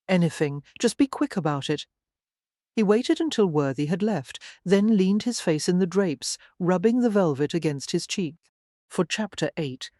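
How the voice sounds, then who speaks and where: A woman narrating an audiobook romance in an expressive, dramatic way. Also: lowish voice, no room sound, studio quality. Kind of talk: scripted narration.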